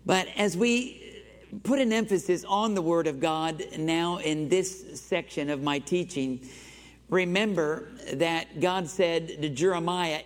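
A man's voice: on the high side, slow. A male pastor preaching a sermon in a church sanctuary, exhorting the congregation and having them repeat phrases after him. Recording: long reverb of a large church hall.

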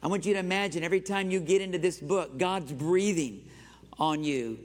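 A man's voice: high-pitched, brisk. Man preaching in an echoing church. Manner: exhorting, has the congregation repeat phrases after him. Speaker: pastor. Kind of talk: sermon. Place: church sanctuary. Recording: long reverb of a large church hall.

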